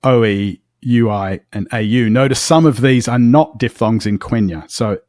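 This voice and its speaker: A man's voice: mid-range voice, normal speed, darkish tone, no room sound, studio quality. A man co-hosting a podcast, explaining pronunciation step by step in a casual, careful way. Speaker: podcast co-host.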